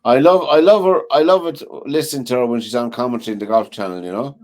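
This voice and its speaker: A man's voice: mid-range voice, fast, a little mellow. A man hosting a casual sports chat, talking in a chatty way with plenty of "you know" and eager questions. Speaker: host.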